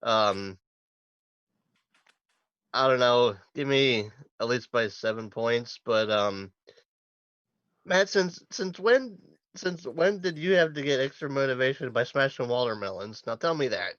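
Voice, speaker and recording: A man's voice: mid-range voice, unhurried, a bit bright, no echo, dull audio. A man co-hosting a casual sports talk show, speaking in a wry, hesitant way with fillers and self-corrections. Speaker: sports podcast co-host.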